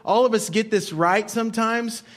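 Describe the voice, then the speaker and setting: A man's voice: sits high, moderate pace. A male pastor preaching a sermon in a conversational storytelling way, repeating his key points.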